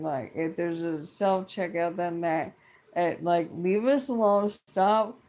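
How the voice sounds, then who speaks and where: Slow-talking blunt middle-aged ranter. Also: medium pitch, darkish tone. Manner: blunt and exasperated, heavy swearing, repeats itself. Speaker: vlogger. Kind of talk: casual profane rant to camera.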